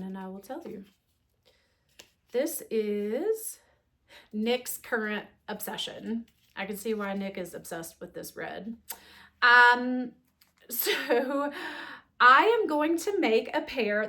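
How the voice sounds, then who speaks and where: A woman's voice: on the high side, a bit bright. A woman hosting her knitting podcast, chatting casually through a show-and-tell with frequent ums and restarts. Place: home knitting corner.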